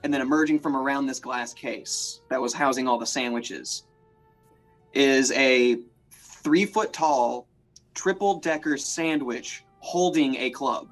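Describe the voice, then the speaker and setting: A man's voice: medium pitch, slow pace, a bit bright, soft background music, rough recording. A man narrating as game master, playful and rambling, with lots of "like".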